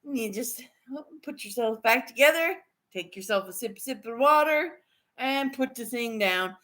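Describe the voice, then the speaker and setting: A woman's voice: fairly high pitch, normal speed. A woman chatting to her livestream viewers, telling a funny story, often laughing and swearing as she goes. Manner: giggly, swears a lot, animated storytelling. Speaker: livestreaming vlogger. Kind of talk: casual storytelling chat.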